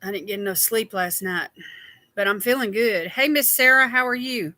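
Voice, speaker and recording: A woman's voice: mid-range voice, moderate pace, sharp tone, no echo. A woman hosting a casual skincare livestream, chatty and tired, greeting viewers by name.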